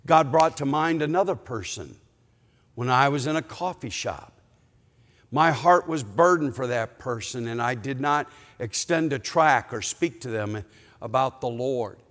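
A male pastor delivers a sermon at an unhurried pace, spinning a personal anecdote with lively, conversational asides. His voice sits in a middle register. It rings out in a church hall with a long reverb tail. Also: mid-range voice. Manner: storytelling preacher, animated and conversational.

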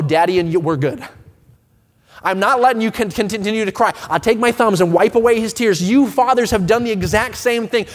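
A man in his thirties delivering a sermon, his voice sitting high for a man. He moves from hushed earnest appeals to loud, impassioned pleading and trips over restarts as he presses his point. The long reverb of a church hall trails every phrase. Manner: impassioned preaching, swelling from quiet to loud; stammering restarts. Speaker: pastor. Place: church sanctuary with a congregation.

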